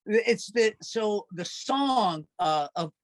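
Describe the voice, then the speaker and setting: Man, high voice, dry close sound, chatty storyteller, casual interview. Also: animated, slow, no room sound. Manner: chatty storyteller, laughs often. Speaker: musician guest.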